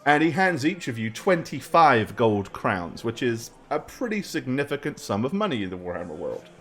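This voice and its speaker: Male game master, chatty and relaxed, animated delivery, faint noise. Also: mid-range voice, moderate pace. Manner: relaxed, chatty, with fillers and laughs. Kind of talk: narrating a tabletop game.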